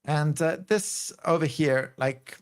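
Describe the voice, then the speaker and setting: A man's voice: fairly high pitch, slow pace, clear, resonant tone. A man hosting a show, talking in casual commentary and reaction, rambling with lots of likes and restarts. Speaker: host.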